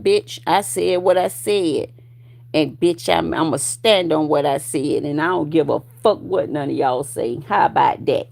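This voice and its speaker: Gravelly, profane woman in her forties ranting. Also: fairly low pitch. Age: 40s. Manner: profane, confrontational, loud bursts of laughter. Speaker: vlogger. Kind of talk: ranting commentary to viewers.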